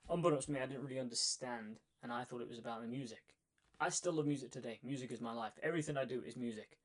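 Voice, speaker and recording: A young man telling his own story in a casual monologue, energetic and emphatic, repeating phrases for effect and a little out of breath. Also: mid-range voice, fast talker. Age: young adult. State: slightly out of breath. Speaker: vlogger.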